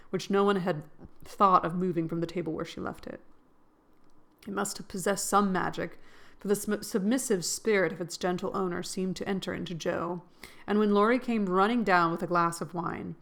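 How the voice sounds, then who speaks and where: Creaky-voiced woman reading a classic novel. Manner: reads expressively, voicing characters' lines with rising pitch. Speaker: audiobook reader.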